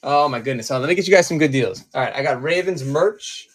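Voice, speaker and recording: A man's voice: on the high side, quick pace. A man from Maryland running a live-stream collectibles auction, chatting casually with viewers while he sorts through items.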